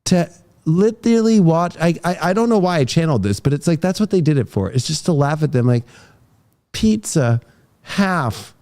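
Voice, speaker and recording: Male podcast host: slightly high, soft-toned voice, profane and rambling. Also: lively intonation, quick pace. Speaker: tarot reader and podcast host. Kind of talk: casual podcast conversation.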